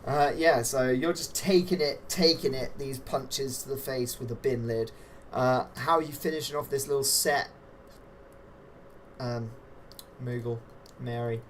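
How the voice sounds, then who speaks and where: A man's voice: medium pitch, a little slow, a little hiss or hum. A man as game master, narrating a tabletop wrestling game with playful, vivid play-by-play.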